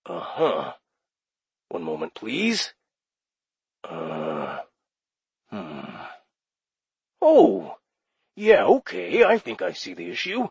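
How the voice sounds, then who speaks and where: A man voicing a friendly male demon phone operator with a raspy voice and chummy customer-service patter, in an audiobook. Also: deep voice, huge pitch swings, extremely slow, pauses often, a little mellow, no echo, full character voice. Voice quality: raspy, gravelly. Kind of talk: audiobook character voice.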